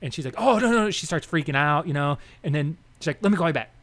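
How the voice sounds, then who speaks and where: A young man co-hosting a podcast, telling stories in a rambling, animated way and acting out the people he quotes. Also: on the high side, fast. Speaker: podcast co-host. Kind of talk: casual political chat.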